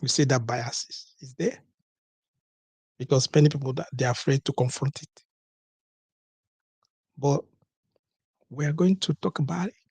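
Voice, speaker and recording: Husky-voiced man hosting a call-in show. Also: medium pitch, a little slow, pauses often, a little mellow, no room sound. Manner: emphatic, repeats key words, asks rhetorical questions. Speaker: podcast host.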